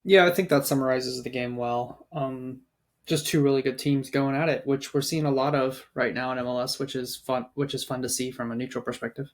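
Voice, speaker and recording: A man co-hosting a podcast, giving measured, slightly hesitant sports opinions. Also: medium pitch, steady tone. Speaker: podcast co-host. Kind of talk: casual sports chat.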